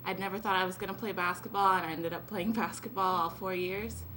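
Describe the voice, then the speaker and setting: A woman's voice: mid-range voice, steady tone, brisk, bright, forceful tone. A teenage girl giving a rambling, giggly thank-you speech as an honored student at a school event. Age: late teens. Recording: noisy event recording.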